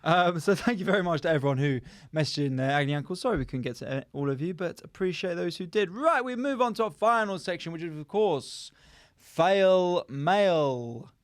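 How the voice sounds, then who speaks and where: A man hosting a podcast, trading jokes and silly riffs in loose, laughing chat. His voice sits a little high, and the sound is close and dry. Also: animated, fairly quick, no echo. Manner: joking, riffs on absurd bits, laughs often. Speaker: podcast host. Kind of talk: casual comedic chat.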